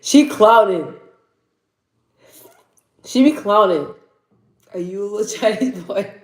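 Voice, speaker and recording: A woman's voice: mid-range voice, expressive, slow pace. A young woman hosting a casual livestream, laughing often and chatting with her viewers as she reads the chat. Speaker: livestream host. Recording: echoey room.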